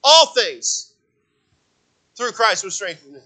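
A man preaching a sermon as pastor, repeating phrases for emphasis and swinging between loud emphatic peaks and hushed low passages. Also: animated, slow pace. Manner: repeats phrases for emphasis, asks the congregation for amens.

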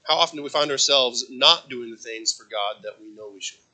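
A man preaching a sermon as pastor, repeating phrases for emphasis and swinging between loud emphatic peaks and hushed low passages. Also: brisk. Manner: repeats phrases for emphasis, asks the congregation for amens.

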